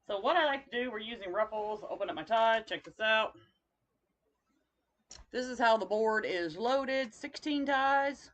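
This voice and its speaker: A woman's voice: on the high side, unhurried, a bit bright, muffled recording. A woman with a Kentucky accent, chatting folksily with viewers while demonstrating wreath making in a live craft tutorial.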